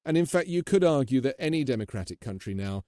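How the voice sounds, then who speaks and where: A man with an English accent hosts a podcast at a mid pitch. His chatty, earnest talk often restarts on repeated words, and the recording is dry and close. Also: animated, quick pace, warm tone, no room sound. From England. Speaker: podcast host. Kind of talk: casual interview talk.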